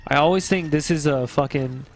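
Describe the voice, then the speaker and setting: A man's voice: a little high, normal speed, a little hiss or hum. A young man co-hosting a couch co-op let's-play, chatting casually, joking, laughing and swearing freely. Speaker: gaming channel co-host. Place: living room couch, gaming in person.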